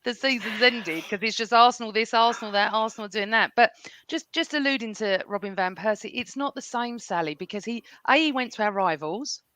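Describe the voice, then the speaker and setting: A woman's voice: a little high, fairly quick, bright, forceful tone. A woman hosting a casual football fan chat, talking at length and often addressing her guests by name. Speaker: host.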